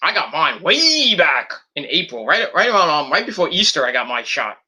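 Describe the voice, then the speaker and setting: A man rants casually from home at night, blunt and full of swearing. His voice is bright and sharp, sits a little high, and swings widely in pitch. Fillers and restarts run all through his talk. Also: big pitch swings, normal speed, breathy edge. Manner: blunt and profane, with frequent fillers. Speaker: podcast host. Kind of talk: casual ranting monologue.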